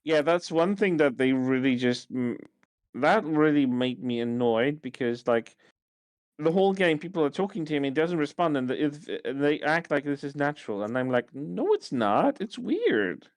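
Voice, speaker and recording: A man talks casually on a podcast with a smooth, resonant voice recorded dry and close. He often stalls and repeats small words before finishing a thought. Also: fairly high pitch, normal speed, no echo. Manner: repeats words while searching for them. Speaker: podcast co-host. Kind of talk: casual chat.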